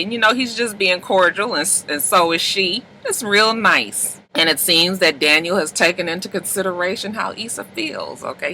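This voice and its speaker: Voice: mid-range voice, sharp tone, slight background noise, low-quality recording. A reviewer from the US West Coast casually recapping a TV episode and acting out the characters' lines with changing voices.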